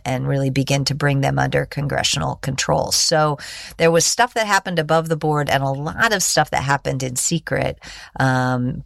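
Gravelly middle-aged woman explaining. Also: very deep voice, a bit bright, dry recording, clean studio sound. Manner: explanatory, with frequent fillers and restarts. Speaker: guest, executive director of a digital rights group. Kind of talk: interview storytelling.

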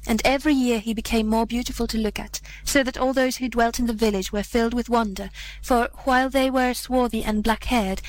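A woman reading an old fairy tale aloud in a measured, gentle storytelling manner. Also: a little high, poor audio. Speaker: narrator.

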